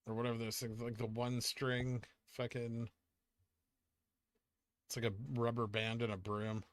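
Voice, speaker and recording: A man's voice: medium pitch, flat delivery, measured pace, dry recording. A man hosting a casual livestream, answering viewer chat questions in a laid-back, offhand way. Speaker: livestream host reading chat.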